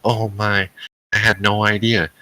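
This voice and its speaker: A man's voice: fairly low pitch, little pitch movement, a little slow, bright, forceful tone, pitched above the performer's own voice, low-quality recording. A man voicing a shy, nervous young character who stammers and hesitates.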